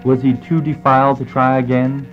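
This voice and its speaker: A man reading a scripted western story in a measured storytelling manner. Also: medium pitch, level tone. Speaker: narrator. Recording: muffled lo-fi with faint music.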